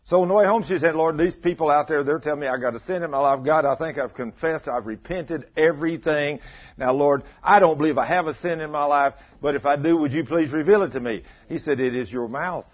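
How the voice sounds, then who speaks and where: A man's voice: on the high side, brisk. A man preaching a sermon as pastor, telling folksy stories and teasing his congregation. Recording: dull lo-fi sound.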